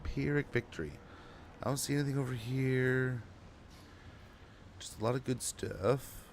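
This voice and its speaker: A young gaming streamer rambles through casual, self-deprecating commentary while playing a strategy game. His voice is medium-pitched and his pace measured, with a little hiss or hum.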